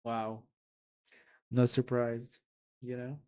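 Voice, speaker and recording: A man's voice: mid-range voice, completely flat delivery, very slow, darkish tone, smooth. A man with a French accent chatting casually on a live stream, rambling and reading chat aloud; French is his first language. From France.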